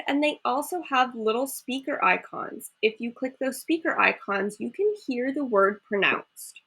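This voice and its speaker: A woman teacher talks her students through a recorded lesson in a clear, measured way. Her voice sits a little high, and her tone stays encouraging throughout. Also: a bit bright.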